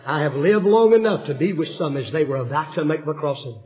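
A man preaching a revival sermon, telling stories with passion and swinging from hushed tones to shouting. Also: fairly high pitch, fairly quick. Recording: dull lo-fi sermon recording.

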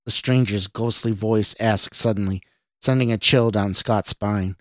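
A male podcast host narrating his own written story in a steady, even reading. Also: fairly low pitch, normal speed, no echo, studio quality.

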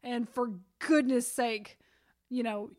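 A woman co-hosting a casual podcast, talking in a warmly emphatic way. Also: a little high, fairly even intonation, takes it slowly. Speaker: podcast co-host. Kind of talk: casual chat.

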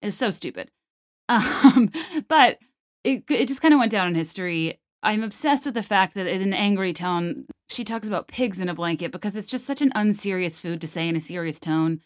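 A young adult woman hosting a solo comedy podcast, talking in an animated, sarcastic way and slipping into mocking voices. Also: medium pitch, a little fast, dry recording, clean studio sound. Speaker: podcast host.

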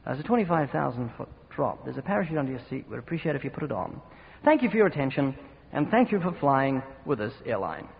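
A man voicing a calm male airline captain who delivers a disaster announcement in a flat, matter-of-fact tone. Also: mid-range voice, fast, creaky, voice pushed down. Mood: deadpan. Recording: dull reverberant hall recording.

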